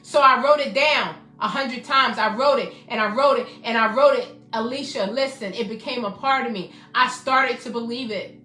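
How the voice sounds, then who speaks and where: A woman's voice: on the high side, normal speed, sharp tone. A woman hosting a motivational self-help talk, emphatic and repetitive, speaking directly to her viewers by name. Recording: roomy echo, faint music behind.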